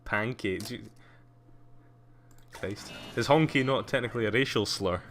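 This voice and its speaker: Streaming a game, a man from Scotland offers laid-back, wry commentary and pokes fun at himself, his Scottish accent lightly polished with a posh English edge. His medium-pitched voice is fairly bright and moves at a normal speed, with a little hiss or hum in the background.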